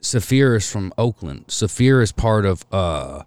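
A man telling stories in casual chat with friends, profane and animated, often quoting people in put-on voices. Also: lowish voice, unhurried, no echo.

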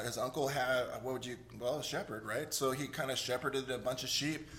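A man's voice: mid-range voice, a bit bright, slight background noise. A middle-aged man, a pastor, preaching a casual sermon with jokes and frequent asides asking the congregation to agree. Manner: conversational, joking, asks "right?" often.

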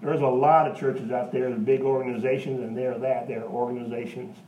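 A pastor preaching a sermon in a church, with an emphatic, folksy manner and homespun asides. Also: male voice, medium pitch, fairly even intonation, a little fast, roomy sound, distant mic, phone-quality sound, a little hiss or hum.

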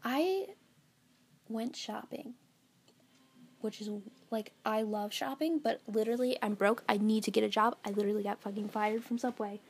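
A woman's voice: on the high side, normal speed, slightly rough. A teenage girl chatting on her own podcast at home, rambling with lots of fillers and giggles. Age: teens. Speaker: podcast host. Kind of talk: casual solo podcast chat. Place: at home, lying on her bed.

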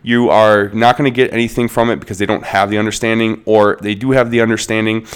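A man's voice: lowish voice, fairly even intonation, quick pace, clear, resonant tone. A man in his thirties co-hosting a parenting podcast, explaining child behavior in a conversational way. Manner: explanatory, conversational, reasons aloud. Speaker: podcast co-host.

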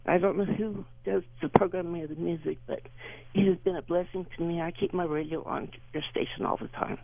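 A woman in her sixties from Southern California, calling in to a radio show and chatting earnestly with some halting pauses. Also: on the low side, steady tone, gravelly, dry recording. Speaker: caller. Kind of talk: call-in chat. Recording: tinny phone line, dry.

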